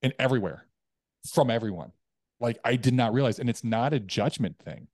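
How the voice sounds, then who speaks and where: A man, a coach, talking as a podcast guest in a casual interview, telling animated stories and acting out the voices in his head. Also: mid-range voice, a little fast, no echo, clean studio sound. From United States. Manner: animated storytelling, acts out inner voices.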